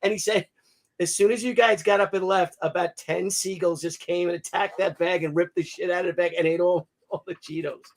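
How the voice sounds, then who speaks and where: High-voiced New York man hosting. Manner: animated storyteller, swears, talks fast and loose. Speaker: host. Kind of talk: casual live-stream chat.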